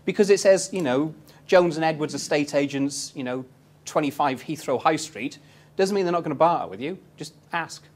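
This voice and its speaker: A man's voice: fairly high pitch, normal speed, darkish tone. A man in his thirties giving a live property investment seminar, telling stories cheekily and quizzing his audience.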